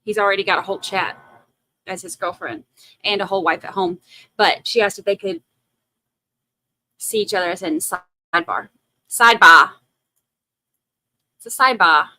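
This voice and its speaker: A woman's voice: medium pitch, animated, normal speed, gravelly, pauses often, fairly bright tone, no room sound, rough recording. A woman from Massachusetts hosting a livestream, chatting casually and joking at her own expense while reading viewer comments aloud. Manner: jokey, self-teasing, reads viewer comments aloud. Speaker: livestream host.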